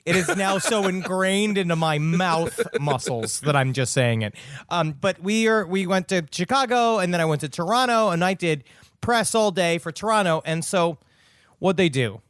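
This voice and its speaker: A man's voice: high voice, expressive, normal speed, fairly bright tone, no room sound, studio quality. An exhausted man co-hosting a podcast, telling rambling, profane stories in casual chat. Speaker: podcast co-host.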